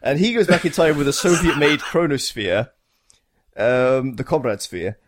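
A man's voice: medium pitch, normal speed. A man co-hosting a podcast, chatting casually and animatedly about video games, laughing often. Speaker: podcast co-host. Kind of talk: casual chat.

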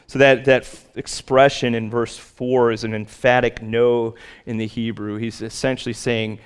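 A male pastor preaching a sermon, slowing down and rising for emphatic lists. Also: level tone, clean tone. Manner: rises in pitch and slows for emphatic lists.

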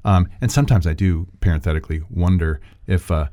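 Guy co-hosting a podcast, kinda low mellow voice, rambles and gets worked up, laughs a lot. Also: quick pace. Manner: animated, digressive, laughs often. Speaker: podcast co-host. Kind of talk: casual political chat.

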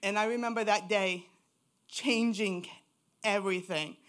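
A woman's voice: medium pitch, steady tone, a little slow, a bit bright. Woman, church testimony, raw and candid storyteller. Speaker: church member giving testimony.

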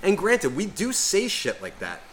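A man's voice: high voice, wildly swooping pitch, unhurried, fairly bright tone, slight background noise. A man co-hosting a podcast, rambling and swearing constantly as he rants in casual chat. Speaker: podcast co-host.

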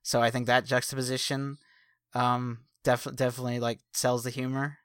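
A man's voice: mid-range voice, level tone, moderate pace, fairly bright tone, clear, resonant tone, no room sound, clean studio sound. A man co-hosting a casual film review podcast, speaking hesitantly and often repeating words. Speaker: podcast co-host.

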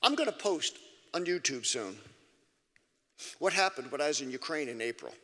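A man preaching to an audience in an emphatic way, breaking into sudden loud, high outbursts. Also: very animated, moderate pace. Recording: long reverb of a large hall.

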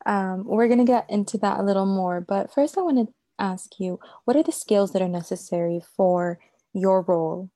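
A woman's voice: medium pitch, steady tone, normal speed, mellow, no echo. A woman interviewer asking questions and listening with short affirmations. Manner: attentive, brief affirmations.

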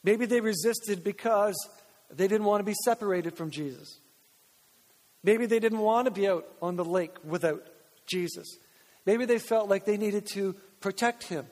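A man's voice: sits high, normal speed, darkish tone. A man, a pastor from Canada, preaching a conversational sermon with joking asides and acted-out dialogue. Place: church sanctuary. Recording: church hall reverb.

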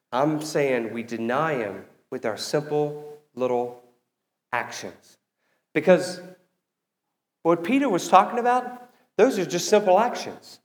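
A male pastor preaching a sermon in a measured way, speaking directly to the congregation. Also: on the high side, animated. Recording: long hall reverb.

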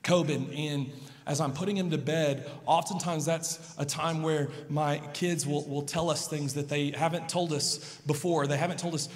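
A man in his thirties preaching a sermon, telling family stories and swinging between soft and loud emphasis. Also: on the high side, steady tone, normal speed, long reverb tail. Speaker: pastor.

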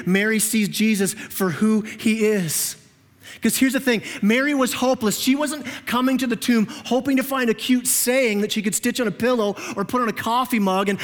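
Animated male preacher, high voice, long church reverb, chatty delivery. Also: moderate pace. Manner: animated, conversational, repeats words as he restarts. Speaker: pastor. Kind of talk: sermon. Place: church sanctuary.

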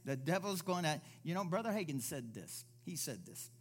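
A man's voice: fairly high pitch, very animated, normal speed. A man preaching a sermon in a church service, emphatic, firing off rhetorical questions and acting out the voices he quotes.

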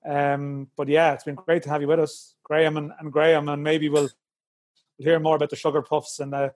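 A man hosting a sports podcast, his voice sitting a bit high. He talks in an easygoing, loosely rambling way. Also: level tone, fairly quick, a little mellow. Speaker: podcast host. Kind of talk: casual chat.

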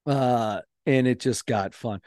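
A man's voice: mid-range voice, takes it slowly, no room sound, clean studio sound. A man with a Midwestern American accent, co-hosting a casual podcast and telling stories with playful ribbing. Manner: animated storyteller, playful ribbing. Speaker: podcast co-host. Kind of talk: casual chat.

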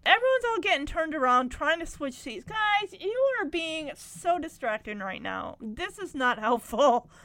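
A woman's voice: sits high, sing-song, measured pace, few pauses, a bit bright, no echo. A woman casually recapping a TV episode, chatty and rambling with lots of fillers.

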